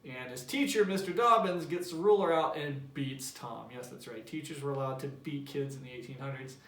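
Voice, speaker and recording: A man's voice: medium pitch, fairly quick, fairly bright tone. A male teacher explaining the story and then reading a novel aloud to his class in a conversational manner. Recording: echoey room, distant mic, faint hiss.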